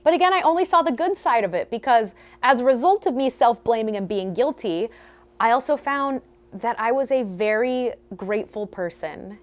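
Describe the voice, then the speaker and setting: A woman's voice: fairly high pitch, expressive, normal speed. A young woman vlogger telling a personal story candidly, with self-mocking humor.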